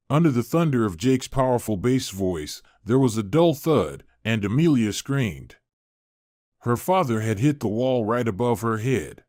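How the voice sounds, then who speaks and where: Male storyteller, steady scripted read, mid-range voice, dry. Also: medium pitch, a little slow, dry recording. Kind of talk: scripted narration.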